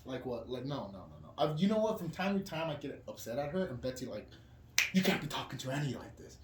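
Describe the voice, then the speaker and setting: A man's voice: medium pitch, very animated, fast. A man as a podcast guest, talking in a profane, rambling way with frequent restarts. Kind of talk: casual candid chat. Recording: roomy echo with background noise.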